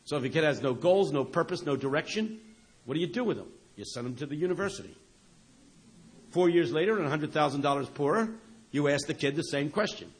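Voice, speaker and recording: A man preaching a sermon, animated, swinging from near-shouts down to hushed lines. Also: on the high side, brisk.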